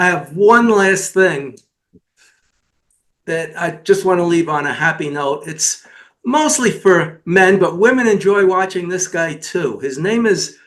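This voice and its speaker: Guy chatting on a talk show, kinda high voice, rambly storyteller w lots of restarts. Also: fairly bright tone. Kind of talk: casual talk-show chat.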